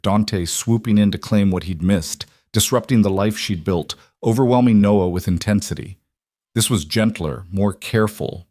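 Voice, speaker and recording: A man narrating a romance story in a measured, even storytelling manner. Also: on the low side, dry recording, studio quality.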